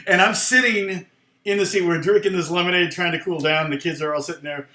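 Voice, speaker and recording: A man's voice: on the high side, expressive, moderate pace, bright, forceful tone. Middle-aged guy chatting on a live stream, rambly, keeps chuckling and restarting, roomy echo. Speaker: guitar teacher on a live stream. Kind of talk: casual storytelling chat. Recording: echoey room.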